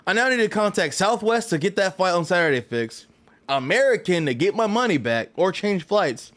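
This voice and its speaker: A man telling a story in a casual vlog, animated and profane, full of slang and rambling asides. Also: high-pitched. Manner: loose, rambling delivery with frequent "right?". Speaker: fighting game vlogger.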